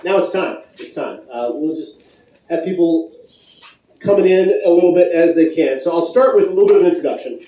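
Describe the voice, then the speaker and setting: A man's voice: a little high, fairly quick, warm tone, recorded from a distance, highs cut off. Joking man speaking in an echoey hall. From Michigan, USA. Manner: punning, playful, chatty with the crowd. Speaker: conference speaker. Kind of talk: joking live talk to an audience. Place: conference hall.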